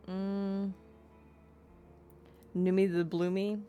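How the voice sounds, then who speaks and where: A woman's voice: lowish voice, unhurried, soft background music. A young woman streaming a game, bubbly, giggly and chatty with her chat.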